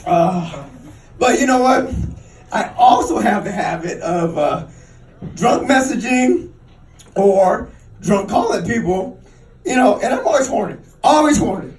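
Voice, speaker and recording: A man performs crude stand-up with a strikingly high, lively voice that leaps up when he plays other people. He sounds a little off the mic, and the club room echoes around him. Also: measured pace, pauses often. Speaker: stand-up comedian. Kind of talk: stand-up set. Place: comedy club stage. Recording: roomy club sound, mic a bit distant.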